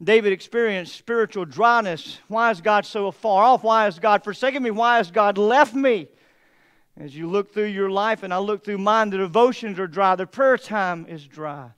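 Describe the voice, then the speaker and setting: A man pastor preaching a sermon, moving from hushed, heavy passages to emphatic, mocking asides. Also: sits high, smooth.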